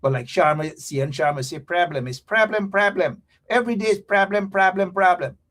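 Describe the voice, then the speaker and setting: Guyanese male host with a high voice, delivering a fired-up, repetitive, slangy livestream rant. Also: brisk. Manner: animated, repetitive and scolding, lots of local slang. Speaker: show host. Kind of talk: ranting livestream commentary.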